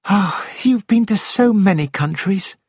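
A man reading the lines of a friendly, wistful young woman in a storybook, his voice lifted higher. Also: expressive, a little slow, a little mellow, husky, no room sound, studio quality, exaggerated voice.

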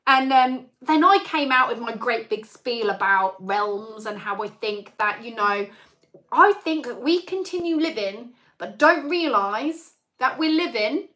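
Girl rambling on a livestream, filler words everywhere, kinda high voice. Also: animated, measured pace, pushed and bright. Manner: chatty, rambling, many fillers. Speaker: channel host. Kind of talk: live-stream Q&A chat.

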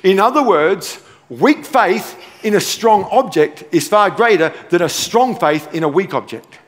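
A pastor preaching a sermon in a church auditorium, emphatic and repeating key phrases, with playful asides. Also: male voice, high-pitched, lively intonation, measured pace. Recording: long church hall reverb.

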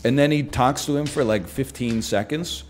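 A man streaming, chatting casually and telling stories in a rambling, animated way with many asides. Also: mid-range voice, moderate pace, a little hiss or hum.

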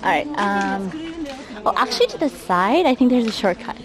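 A travel livestreamer, a woman with a medium-pitched voice and big swings in pitch, talks at normal speed while climbing outdoor stairs out of breath. Speaking through a face mask over crowd noise and background sound, she chats casually, reads the chat aloud, greets viewers by name and pokes fun at herself.

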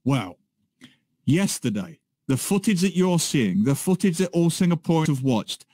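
A man co-hosting a radio show, telling a story in a lively, animated way in casual chat. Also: on the high side, normal speed, no room sound. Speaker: radio co-host. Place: radio studio.

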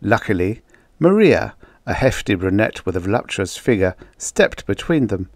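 A man reading a vintage science fiction short story aloud as an audiobook narrator, in a measured storytelling manner. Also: on the low side, sing-song, dry recording, studio quality.

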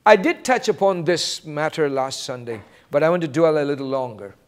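A pastor delivers a sermon. His voice sits fairly high and swings widely in pitch as he preaches. He quotes scripture and acts out short exchanges. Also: moderate pace, smooth. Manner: animated preaching, quoting scripture and acting out brief exchanges.

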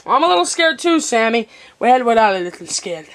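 A woman acting in an improvised comedy skit at home, swinging between excitable, panicked shouts and flat deadpan lines, recorded on the camera's own mic. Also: high-pitched, moderate pace. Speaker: home video skit performer.

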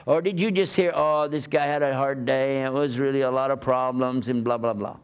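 A man's voice: medium pitch, steady tone, fairly quick, smooth. A man giving a conversational sermon, asking his listeners rhetorical questions as he preaches. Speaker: Islamic preacher.

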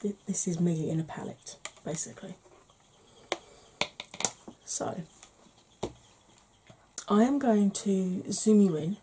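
A woman hosting a soft-spoken makeup tutorial, chatty and explaining each step, tired and yawning. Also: mid-range voice, breathy edge.

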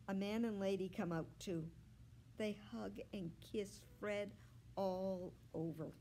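Slow expressive woman reading aloud. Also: medium pitch. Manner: expressive, unhurried storytelling. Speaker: children's librarian. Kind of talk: reading a children's book aloud.

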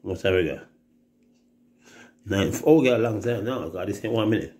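A man's voice: fairly low pitch, animated, normal speed, darkish tone. A Jamaican man telling rambling, profane stories in casual chat, often mimicking other people's voices. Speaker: reggae artist telling stories on a livestream.

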